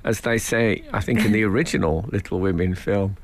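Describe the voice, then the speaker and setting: A man's voice: lowish voice, fairly quick. A man with an English accent, hosting a casual radio chat, telling rambling anecdotes with plenty of laughter. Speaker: radio show host.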